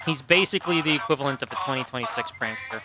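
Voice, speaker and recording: A man's voice: mid-range voice, very fast. A man giving casual, joking commentary over a story game, swearing and laughing at it. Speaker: let's play host. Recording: muffled lo-fi sound with game music.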